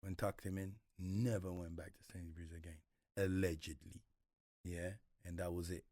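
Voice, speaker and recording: Low-pitched and talking at normal speed, this interview guest is a young man from Congo with a London accent. He tells his stories with lots of slang and energetic, voiced-out quotes, and the sound is clean studio quality with no echo.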